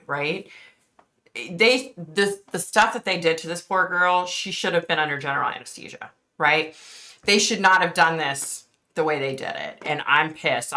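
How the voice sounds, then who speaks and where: A middle-aged woman hosts a casual live stream and talks straight to her viewers, outspoken and easily fired up, swearing now and then. Her voice sits a little low but has a bright, forceful edge. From East Coast of the United States. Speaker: livestream host reading viewer chat.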